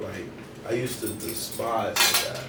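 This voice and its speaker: A man's voice: lowish voice, fairly even intonation, a little slow, gravelly, recorded from a distance. A young man, a podcast co-host, talking casually in loose street slang with many restarts. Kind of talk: casual chat. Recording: roomy, off-mic, faint noise.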